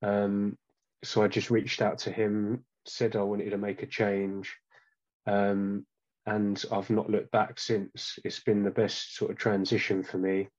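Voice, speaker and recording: A man with a lowish, fairly monotone voice answers interview questions in a relaxed, halting way, full of "um"s and restarts. The recording sounds dull and lo-fi. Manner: hesitant, many "um"s and restarts. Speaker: guest. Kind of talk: casual interview chat.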